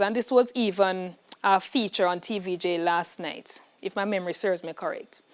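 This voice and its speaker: A woman's voice: fairly low pitch, fairly even intonation, normal speed, few pauses. A woman with a Jamaican accent teaching an exam prep lesson in an emphatic, instructive way, checking in with "all right". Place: classroom.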